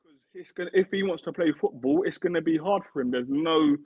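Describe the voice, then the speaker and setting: Talking fast with a breathy edge and a fairly high pitch, a former football player in his thirties earnestly makes his case as a guest in a laid-back interview, repeating himself along the way. The audio is dry and tinny, as if from a remote phone line.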